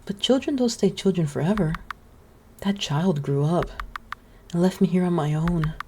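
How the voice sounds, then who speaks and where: A woman voicing a gentle, lonely and motherly forest witch from a video game, speaking slowly in a sweet, coaxing way. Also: fairly low pitch, slight background noise, lightly acted. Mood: tender. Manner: soft, slow and sweetly coaxing. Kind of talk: reading game dialogue aloud.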